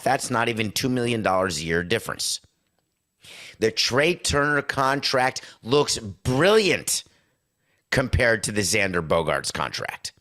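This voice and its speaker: Middle-aged male podcast host, sardonic and emphatic, slightly low, bright-edged tone. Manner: emphatic, sarcastic, punchy lists. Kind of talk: opinionated sports commentary.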